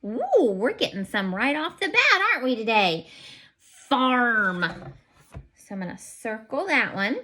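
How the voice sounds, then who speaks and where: A woman teacher narrates a recorded lesson for young children. Her voice sits a little high and swings up and down in a singsong way. She keeps an unhurried, encouraging pace as she counts and spells aloud. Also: sing-song, pushed and bright.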